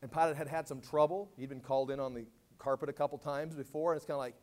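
A man teaching a sermon verse by verse, casually explaining and acting out quoted lines in dramatic voices. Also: fast. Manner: animated, acts out quoted lines with big swings in pitch and volume. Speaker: Bible teacher. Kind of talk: expository sermon.

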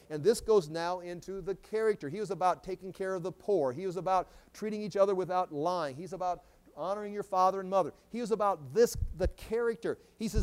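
High-voiced man teaching scripture. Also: a little fast. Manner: reads scripture aloud with emphasis, then explains in plain conversational asides. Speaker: Bible teacher. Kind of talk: verse-by-verse Bible teaching.

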